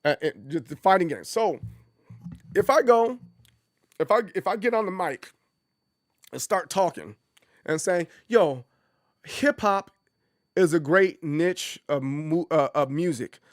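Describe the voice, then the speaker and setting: A man's voice: on the high side, a little slow, pauses often, no echo, studio quality. A man hosting a casual livestream, talking in a loose, rambling way that circles back and repeats points. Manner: animated, rambling, repeats himself. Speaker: streamer host.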